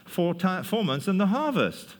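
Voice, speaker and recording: Animated preacher in a reverberant hall. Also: male voice, high-pitched, moderate pace. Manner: lively storytelling, laughs often, acts out voices. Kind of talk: sermon, animated Bible teaching.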